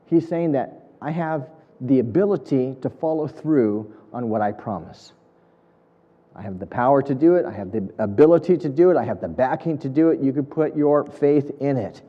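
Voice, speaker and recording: A man's voice: medium pitch, animated, normal speed, long reverb tail, dull audio. A man preaching an earnest, emphatic sermon, building points through repetition. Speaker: pastor.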